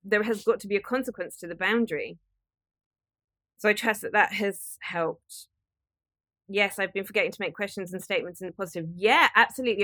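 A woman, hosting a podcast and giving earnest, direct, gently emphatic advice. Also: medium pitch, fairly quick. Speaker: podcast host. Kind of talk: motivational advice talk.

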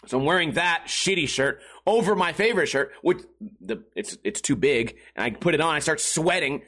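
A man's voice: fairly high pitch, animated, normal speed, a bit bright. A man telling a casual story in a rambling, profane way, often laughing as he talks.

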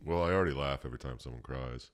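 A man's voice: very deep voice, rapid-fire. A man co-hosting a podcast, joking and irreverent in casual banter. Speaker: podcast co-host.

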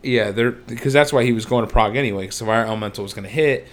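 A man's voice: mid-range voice, very fast. A man with an ordinary mid-range voice chats through movie scenes on a podcast. He tells it loosely, with lots of "like" and "um", in an easygoing conversational tone. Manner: chatty, filler-heavy storytelling. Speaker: podcast co-host. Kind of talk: casual movie recap chat.

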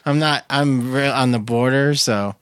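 A man's voice: mid-range voice, measured pace, a bit bright, clean tone, dry recording, clean studio sound. A man hosting a casual beer podcast, laughing often and teasing his co-hosts. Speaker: podcast host. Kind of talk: casual chat.

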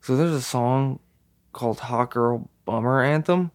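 Profane rambling young man. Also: medium pitch. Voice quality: profane, rambling, quick bursts. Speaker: podcast co-host. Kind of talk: casual chat.

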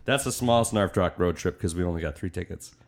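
Brief: male podcast host, deep and low, relaxed joking delivery. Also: fairly quick, gravelly. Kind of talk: casual podcast chat.

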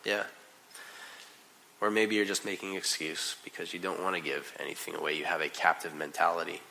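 Animated, conversational male preacher. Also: low voice, a little fast, creaky, slight background noise, poor audio. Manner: animated, conversational preaching with big swings in loudness; casual fillers like "like" and "you know". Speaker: pastor. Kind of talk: sermon.

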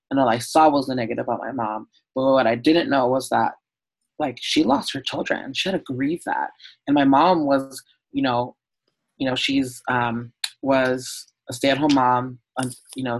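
A man from Southern California speaks as a podcast guest, open and heartfelt, his mid-range voice carrying a gravelly edge. He talks in a loose conversational flow, full of "um" and "like.". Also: medium pitch, poor audio. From Southern California, USA. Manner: open, heartfelt storytelling with frequent "um" and "like". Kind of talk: candid conversational interview.

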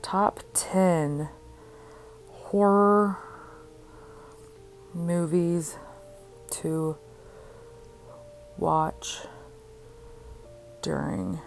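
Slow, rambling young woman podcaster. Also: fairly low pitch, gravelly, faint music behind. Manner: rambling, giggly and self-deprecating. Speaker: podcast host. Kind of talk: casual solo podcast chat. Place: home.

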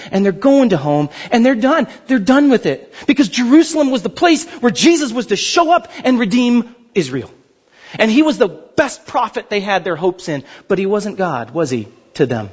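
A man preaching a sermon as pastor, animated and chatty, often repeating words as he thinks. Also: high voice, slightly rough, highs cut off.

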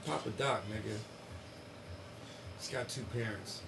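A man chatting casually on a podcast, profane and animated, laughing often as he tells stories. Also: medium pitch, unhurried, vocal fry, background noise. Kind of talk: casual chat.

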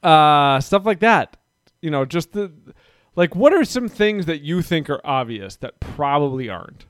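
A man's voice: on the high side, big pitch swings, measured pace, clean tone, no echo, studio quality. A man chatting casually on a podcast, rambling and self-deprecating as he talks. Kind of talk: casual chat.

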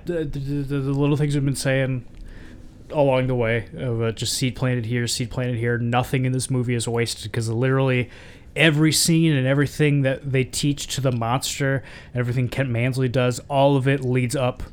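A man in casual film talk, earnest and a bit halting as he recounts favorite moments. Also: medium pitch, flat delivery, clear, resonant tone. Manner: halting, earnest, many restarts. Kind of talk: casual movie discussion.

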